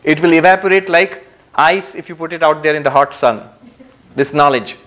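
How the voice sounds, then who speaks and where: A man giving a spiritual lecture to a live audience in a community center hall, speaking calmly and reflectively, with gentle humor and long pauses. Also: fairly high pitch. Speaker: spiritual teacher.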